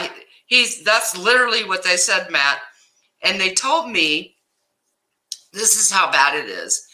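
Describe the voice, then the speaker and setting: A middle-aged woman hosting a casual livestream, telling a story in an animated way and greeting viewers by name, upset and stressed. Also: fairly low pitch, rough recording. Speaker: livestream host.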